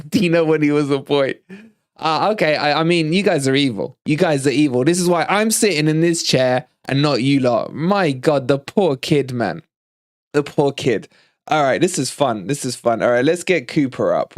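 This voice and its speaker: A man hosting a fan live stream, chatting casually, animated and teasing, with frequent laughs. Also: mid-range voice, a little slow, no room sound, clean studio sound. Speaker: fan channel livestream host.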